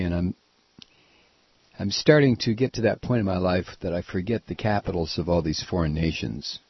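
A male talk radio host rambles through sardonic commentary and keeps stopping on "uh" and false starts. His voice is husky and sits in a middle pitch. The recording is dry and dull, with a lo-fi broadcast sound. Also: no echo. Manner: rambling, hesitant, sardonic, many "uh"s. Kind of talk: casual on-air commentary.

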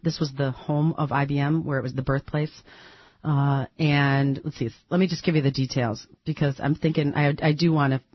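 A woman hosting a talk radio show, chatty and animated, thinking aloud with plenty of fillers. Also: deep voice, breathy edge. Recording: dull, dry broadcast audio.

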